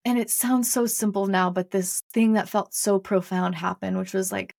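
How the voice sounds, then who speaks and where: A woman's voice: medium pitch, vocal fry. A young adult woman hosting a podcast, telling her own life story in a candid, reflective way and often repeating her phrases. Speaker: podcast host. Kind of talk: personal storytelling monologue.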